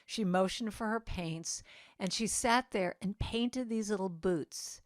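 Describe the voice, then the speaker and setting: A woman speaks to a church congregation in a relaxed, conversational way, telling personal stories from her life as a musician. She acts out the voices of the people she quotes. Her voice sits at a middle pitch, and the sound is dry and close. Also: unhurried, no room sound. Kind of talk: personal storytelling talk. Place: church service.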